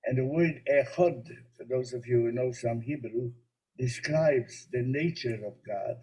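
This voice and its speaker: A man with a mellow, dark voice teaches as a rabbi. He explains ideas patiently and tells little stories with gentle humor. His talk has the easy rhythm of a spiritual lesson. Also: medium pitch, unhurried, slightly rough, rough recording.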